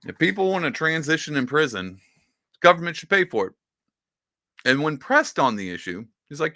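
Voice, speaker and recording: A man hosts a casual political commentary show and rants in an excitable, sarcastic way, his pitch jumping high and then dropping back. His voice is bright and forceful, recorded close and dry. His pitch sits in the ordinary middle range. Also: normal speed, long pauses, no room sound. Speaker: podcast host.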